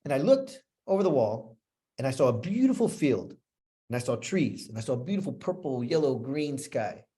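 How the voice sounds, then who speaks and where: A husky-voiced man delivers a heartfelt personal story as a motivational speaker. His words circle back and repeat as the emotion builds, and his pitch sits in an ordinary middle range. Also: big pitch swings, normal speed, dark tone. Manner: earnest, repetitive, emotional storytelling. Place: room with a live audience.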